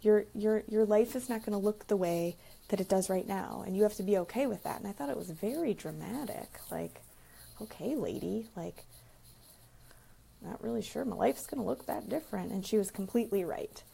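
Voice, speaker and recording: Gravelly-voiced woman coach giving advice. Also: medium pitch, normal speed. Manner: animated, acts out quoted dialogue. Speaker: therapist and relationship coach. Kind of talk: casual advice monologue.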